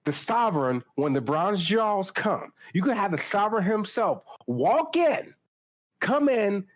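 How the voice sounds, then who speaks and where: A man in casual chat as a podcast co-host, excitable and swearing freely, laughing often as he talks about a tabletop game. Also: high voice, measured pace, dull audio.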